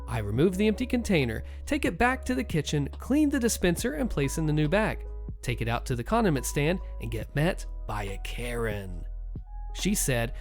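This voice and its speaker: A man's voice: fairly high pitch, very animated, normal speed, soft background music. A man hosting a podcast, reading online stories aloud with wry, exasperated asides. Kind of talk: storytelling narration with casual commentary.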